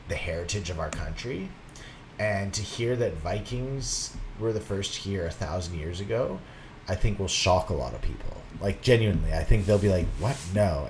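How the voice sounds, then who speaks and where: A young man chats on a podcast in a somewhat low voice, with a faint hiss under it. He rambles through his points and jumps into playful put-on quotes, laughing as he goes. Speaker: podcast co-host. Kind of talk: casual podcast chat.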